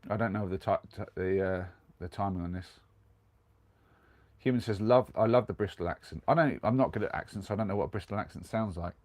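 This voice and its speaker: A man's voice: fairly low pitch, quick pace, a little mellow, dry recording. A young man with a cold, chatting casually on a live stream from inside his camper van, rambling along and reading out viewer comments. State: has a cold.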